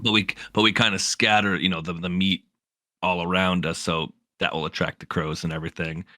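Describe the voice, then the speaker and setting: Male podcast guest, very low and bright voice, dry close mic, rambling storyteller. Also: fairly even intonation, brisk, no room sound. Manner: rambling, many fillers and restarts. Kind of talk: casual storytelling of a game run.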